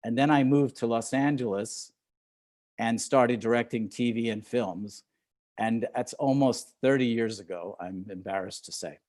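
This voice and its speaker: An older man who directs films gives a relaxed guest talk to an audience via video call. His voice sits in the mid-range with a darkish tone and an unhurried pace, and his delivery is hesitant, full of fillers, restarts and chuckles.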